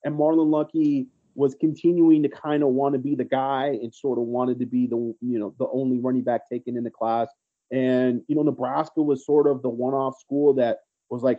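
A man's voice: medium pitch, level tone, normal speed, narrow, tinny audio. A man co-hosting a casual sports podcast, telling recruiting stories in a rambling, teasing way. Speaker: podcast co-host, recruiting analyst.

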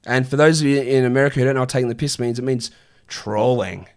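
Blunt, swearing fantasy basketball streamer. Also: male voice, medium pitch, fast talker, darkish tone, clean tone. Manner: blunt, swearing, exasperated rants. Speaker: fantasy basketball streamer answering viewer questions. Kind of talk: casual livestream Q&A.

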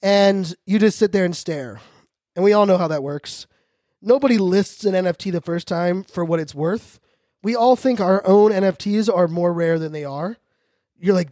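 High-voiced, high-energy joking man. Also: a little fast, a little mellow, no echo, studio quality. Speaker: podcast host. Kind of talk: casual monologue.

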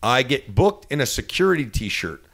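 A man in his thirties with a New Jersey accent, telling a lively story as an interview guest and acting out the quotes. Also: moderate pace, creaky. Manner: animated, acts out quotes with big pitch jumps.

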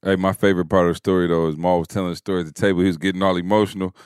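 A man with a fairly low voice hosts a podcast in relaxed, casual speech. He adds short, encouraging remarks as the talk goes on. The sound is close and dry. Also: racing, clear, resonant tone, dry recording. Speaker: podcast host. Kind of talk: casual chat.

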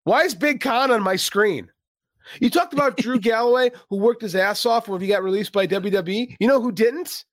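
Exasperated high-voiced man. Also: normal speed, a bit bright, no room sound, studio quality. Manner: exasperated, sarcastic, swears freely. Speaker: podcast co-host. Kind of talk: casual wrestling chat.

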